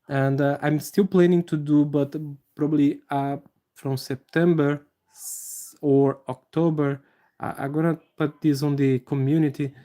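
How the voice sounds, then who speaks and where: Mellow-voiced man teaching live anatomy drawing. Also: medium pitch. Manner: halting, many fillers and restarts, friendly to viewers. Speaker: anatomy drawing livestream host. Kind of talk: live drawing tutorial with chat greetings.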